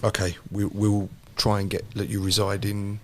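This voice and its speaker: A man, a podcast host telling a lively personal story in casual chat. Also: lowish voice, normal speed. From London. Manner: animated anecdote teller, repeats phrases for emphasis.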